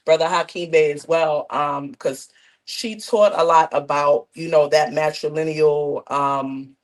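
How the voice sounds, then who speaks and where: A woman's voice: sits low, steady tone, unhurried. Reflective woman in easy conversation. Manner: reflective, many "you know" fillers. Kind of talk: conversational discussion.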